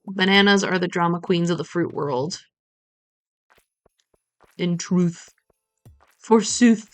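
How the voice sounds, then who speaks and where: A woman's voice: lowish voice, takes it slowly, fairly bright tone, no room sound, soft background music. A woman streaming a farming game, chatting playfully and muttering to herself as she plays. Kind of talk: casual gameplay commentary.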